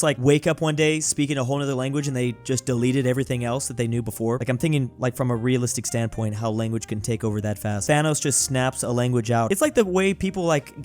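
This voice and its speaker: A young man giving casual, jokey commentary over a strategy game simulation, often breaking into excited exclamations. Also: mid-range voice. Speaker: gaming commentator.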